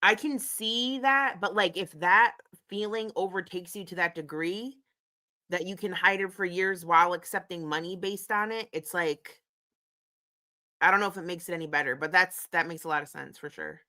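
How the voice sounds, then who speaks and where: A woman's voice: fairly low pitch, normal speed, sharp tone. A woman hosting a casual commentary stream, talking bluntly and profanely and getting worked up as she reacts. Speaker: commentary host.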